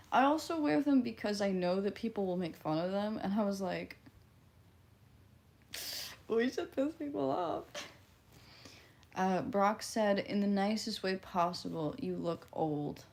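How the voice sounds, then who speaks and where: A woman's voice: mid-range voice, moderate pace, darkish tone. A woman with a Midwestern twang, casually chatting on a livestream and answering viewer comments in a blunt, offhand, profane way.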